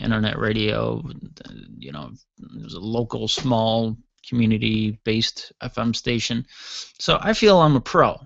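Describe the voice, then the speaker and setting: A man's voice: medium pitch, creaky, fairly bright tone, no echo, dull audio. A man hosting his own podcast from a basement studio, rambling casually with jokey asides and yawning from tiredness. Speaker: podcast host. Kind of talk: casual solo podcast talk.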